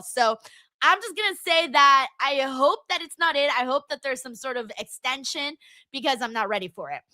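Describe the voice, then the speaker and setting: Bright, high-pitched bubbly young woman. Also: dry recording. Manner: bubbly, giggly, repeats words for emphasis. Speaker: livestream host reading chat. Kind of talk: casual reaction chat.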